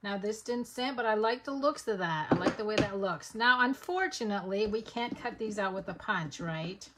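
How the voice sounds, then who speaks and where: A woman's voice: mid-range voice, animated, moderate pace, very noisy. Chatty woman teaching a craft live. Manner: chatty, step-by-step, talks to viewers while working. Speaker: papercraft instructor.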